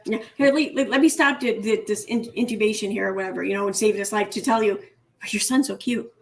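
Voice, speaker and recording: A woman's voice: medium pitch, steady tone, fast talker. A woman hosting a reaction commentary, blunt and sarcastic, swearing freely. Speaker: commentary host.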